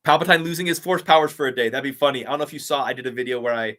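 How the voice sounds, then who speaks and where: A man with a mid-range voice races along, bright and forceful, while answering chat during his live stream Q&A. His replies are gushing, rambling fan talk laden with fillers.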